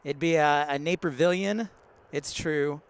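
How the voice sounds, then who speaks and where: Chatty man with a smooth, higher voice. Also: unhurried. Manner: chatty, greets viewers by name, laughs often. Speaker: live-stream host, plane spotter. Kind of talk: casual live-stream chat. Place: outdoors at a large airport.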